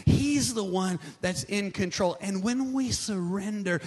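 A man preaching a sermon, moving from quiet, conversational passages to loud, drawn-out emphatic lines. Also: high voice, slightly rough. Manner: builds from quiet to shouting, dramatic slow emphasis. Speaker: pastor.

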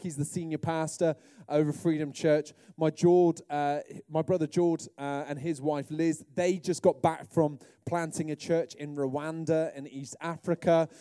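A middle-aged British man preaching a sermon, telling humorous stories in a lively way. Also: a little high, no room sound, studio quality. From Britain. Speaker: pastor.

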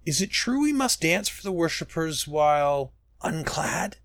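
A man's voice: on the high side, very animated, a little slow, fairly bright tone, no room sound, studio quality, pitched above the performer's own voice. Shy hesitant young novice, raised voice, man reading it.

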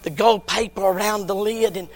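A man preaching a sermon, telling a story and moving between hushed tones and near-shouting, with repeated words and folksy grammar. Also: high-pitched, steady tone, moderate pace. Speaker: pastor.

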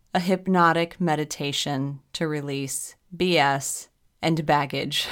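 Woman podcast host, hypnotherapist; low voice, chatty and self-mocking. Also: fairly bright tone, clean tone. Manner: chatty, upbeat, laughs at herself. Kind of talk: casual solo podcast talk.

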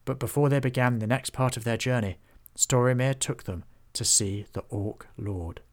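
A man narrating a children's fantasy storybook in a steady, even manner. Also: mid-range voice, normal speed.

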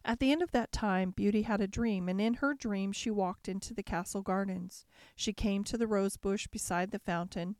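A woman narrating a classic fairy tale as a calm, measured bedtime story. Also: medium pitch, no room sound, clean studio sound.

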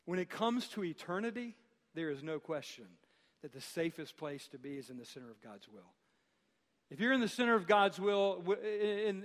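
A man preaching a sermon as pastor, speaking emphatically with dramatic pauses and rhetorical questions. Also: sits high, a bit bright, in a large hall.

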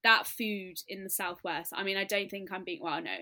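A young woman co-hosts a casual podcast, her voice bright and forward. She chats eagerly and rambles from one point to the next, at an ordinary middle pitch. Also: normal speed. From France. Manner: chatty, enthusiastic, rambling. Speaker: podcast co-host. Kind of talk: casual chat.

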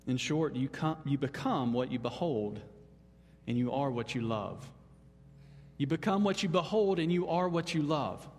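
A man pastor preaching a Sunday sermon in an animated, emphatic way. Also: moderate pace. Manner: animated, emphatic, leaps up in pitch on exclamations. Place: church sanctuary. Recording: long hall reverb.

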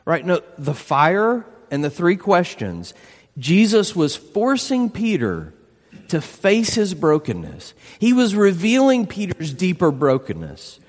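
Animated man preaching in a long-reverb hall. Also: sits high, a little slow. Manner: animated, emphatic preaching with rhetorical questions. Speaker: pastor. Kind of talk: sermon.

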